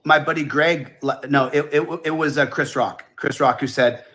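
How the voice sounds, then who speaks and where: A man's voice: a little high, fairly even intonation, normal speed, fairly bright tone. A man rambling through a monologue in a played video clip, repeating himself and stumbling over his words. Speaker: online video talker.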